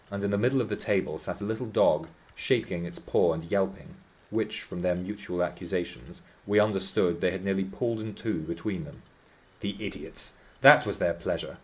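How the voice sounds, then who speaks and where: A man's voice: lowish voice, lightly acted. A man reading the part of Heathcliff, a brooding, defiant teenage boy, telling his tale with scorn and vehemence.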